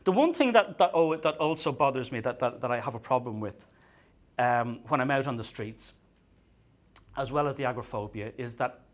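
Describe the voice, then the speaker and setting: An Irish man doing a stand-up comedy set, telling self-mocking stories in a halting way and often repeating his words as he restarts. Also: mid-range voice, expressive. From Ireland. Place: comedy venue stage.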